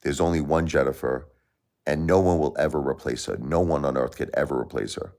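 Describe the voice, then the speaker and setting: Very deep gravelly-voiced grieving man. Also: brisk, darkish tone. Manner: grieving, talks straight to chat viewers; heated and indignant when angry. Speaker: livestream host. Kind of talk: emotional livestream talk to chat.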